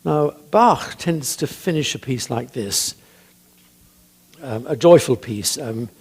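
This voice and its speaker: Older man, husky voice, composer giving a church talk, rambling anecdotes, lots of ums. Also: medium pitch, takes it slowly, a little mellow. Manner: chatty, hesitant with many ums, laughs at his own stories.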